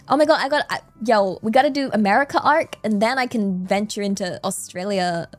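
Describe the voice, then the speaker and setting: A woman's voice: high voice, expressive, normal speed, few pauses, faint music behind. A woman with an English accent, chatting casually as a streamer, rambling and playful with lots of fillers. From England. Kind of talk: casual chat.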